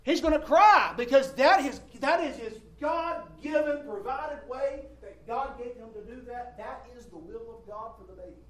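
A man's voice: extremely high pitch, expressive, moderate pace, hardly any pauses, a bit bright. A male preacher giving an emphatic sermon, swelling and dropping his voice and repeating phrases for effect. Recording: roomy hall from a distant mic, faint ambience.

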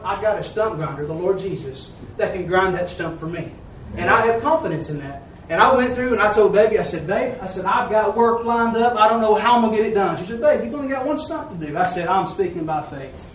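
High-voiced man preaching in an echoey church. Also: fast talker, fairly bright tone, slight background noise. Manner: folksy, acts out quoted dialogue. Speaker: lay preacher. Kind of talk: storytelling sermon testimony. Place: church service. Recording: echoey room, mic far off.

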